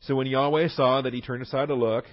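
A man's voice: medium pitch, steady tone, quick pace, lo-fi sound. A man teaching through a Bible passage verse by verse, leaning hard on key words between fillers and restarts.

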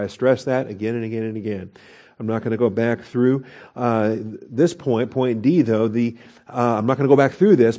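Man teaching a sermon, mellow voice. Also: medium pitch. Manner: explanatory teaching, frequent "okay?" checks, filler restarts. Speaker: pastor teaching a Bible study. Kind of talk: expository sermon.

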